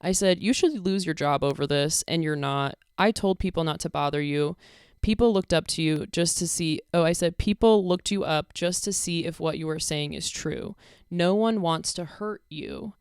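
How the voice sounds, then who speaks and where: A woman's voice: sits low, normal speed, a little mellow, clean tone, no room sound, studio quality. A young woman giving casual commentary, reading out messages in an exasperated, sarcastic way. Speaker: commentary creator.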